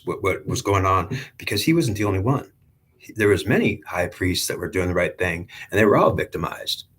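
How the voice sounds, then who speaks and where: Husky, low-voiced man rambling on spirituality. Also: fairly bright tone. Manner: rambling, repetitive, with restarts. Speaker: spiritual channeler. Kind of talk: unscripted spiritual monologue.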